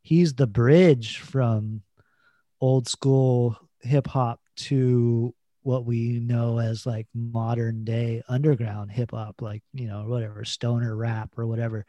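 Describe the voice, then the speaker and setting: A man's voice: mid-range voice, little pitch movement, takes it slowly, warm tone, no room sound. A man co-hosting a podcast in casual chat, laid-back, swearing and laughing as he tells stories, full of "like" and "you know". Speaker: podcast co-host.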